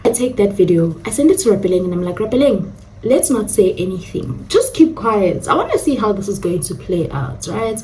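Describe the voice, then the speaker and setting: A young South African woman telling a storytime vlog, animated and dramatic, slipping into local slang. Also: medium pitch, brisk, far from the mic, slight background noise. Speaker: storyteller vlogger. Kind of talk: casual storytime monologue.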